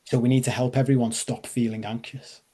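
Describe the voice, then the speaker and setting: Male coach, mellow tone, casual joking masterclass delivery over a video call. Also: mid-range voice, little pitch movement, fairly quick. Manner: conversational, self-deprecating humor, checks in with audience. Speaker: life coach. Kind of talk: live online masterclass talk.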